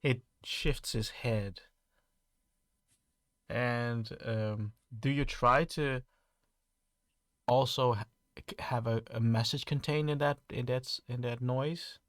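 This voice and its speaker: A man's voice: medium pitch, steady tone, slow pace, long pauses, a bit bright, dry recording, clean studio sound. A man running a tabletop game, describing scenes with frequent restarts. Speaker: game master.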